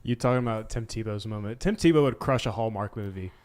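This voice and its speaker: A man's voice: fairly low pitch, fast talker, darkish tone, clean tone. Offhand male podcast co-host. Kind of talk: casual sports chat.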